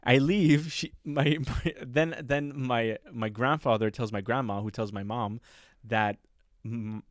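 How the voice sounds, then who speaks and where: A young man co-hosting a casual podcast, telling stories in a rambling way and restarting often. His pitch sits in the ordinary middle range. The room sounds dry and close. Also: unhurried, no room sound. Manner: rambling storyteller, many restarts and laughs. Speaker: podcast co-host. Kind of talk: casual chat.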